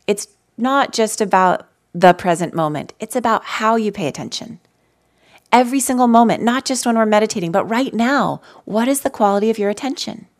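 A woman telling personal stories in a gentle, conversational way as she leads a live mindfulness talk for an audience. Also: fairly high pitch, expressive, fairly quick. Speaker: mindfulness teacher. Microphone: handheld mic.

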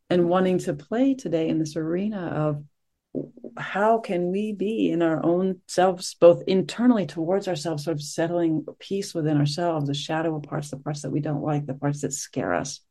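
Mellow, gentle middle-aged meditation teacher. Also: mid-range voice. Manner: soft-spoken, gentle, searching, with many pauses and fillers. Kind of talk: reflective dharma talk after a sit.

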